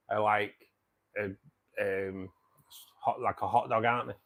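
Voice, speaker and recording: British male stream host, low and gravelly, easygoing banter with viewers. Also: fairly even intonation, measured pace, pauses often, a bit bright. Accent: British English. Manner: chatty and matey, swears casually, chuckles often. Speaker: live-stream host reading viewer comments. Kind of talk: casual live-stream chat.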